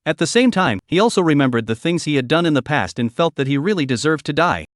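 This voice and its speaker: A man reading a scripted story recap in an even, steady manner. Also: a little high, quick pace, no echo, clean studio sound. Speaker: narrator. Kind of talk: scripted narration of a comic recap.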